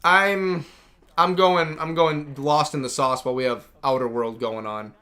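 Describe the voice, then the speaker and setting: A man's voice: a little high, steady tone, measured pace, bright, forceful tone. A man hosting a gaming livestream, chatting casually and enthusiastically, rambling with lots of "like". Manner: rambling and enthusiastic, heavy use of "like". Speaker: livestream host.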